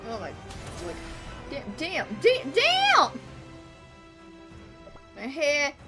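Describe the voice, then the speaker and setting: Excitable high-pitched young woman streamer. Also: extremely slow, over music. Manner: excitable, swears freely, bursts into shouts. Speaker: VTuber streamer. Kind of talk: casual live gaming stream chat.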